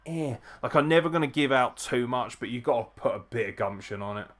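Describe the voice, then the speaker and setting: A young man reacts live to a wrestling show, swearing freely and jumping between shouts and laughter. His voice sits at an ordinary middle pitch for a man, and his delivery is loose, unscripted commentary. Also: a little fast. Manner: excitable, swears a lot, bursts into laughter and shouts. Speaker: wrestling watchalong host.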